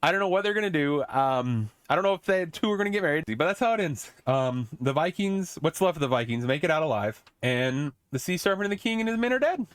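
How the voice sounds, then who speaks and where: A man's voice: on the high side, expressive, quick pace, hardly any pauses, clear, resonant tone, dry recording. A young man hosting a podcast, casually recapping an old movie scene by scene, rambling, laughing and swearing as he goes. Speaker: podcast host.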